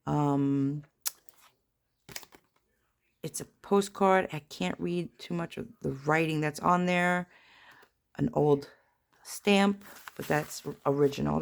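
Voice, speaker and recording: A woman with a low, creaky, darkish voice casually narrates a flip-through of her handmade junk journal, filling it with chatty, rambling, self-deprecating asides. Paper rustles and crinkles in the background.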